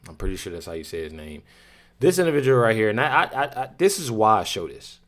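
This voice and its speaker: A man's voice: lowish voice, big pitch swings, fast, a bit bright. A man hosting a reaction video, talking in a casual, slangy, repetitive way and sometimes laughing in disbelief.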